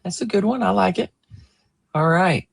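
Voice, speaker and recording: A man's voice: high voice, normal speed, creaky, husky, no room sound. A man hosting a casual chat show, thanking his guests and giving an earnest sign-off. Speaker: host.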